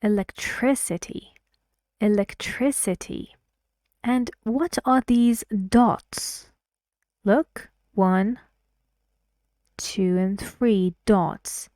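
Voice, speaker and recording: A woman whose first language is Persian teaches English pronunciation in an online lesson, talking slowly and deliberately and repeating words for her learners. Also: on the high side, darkish tone, no echo.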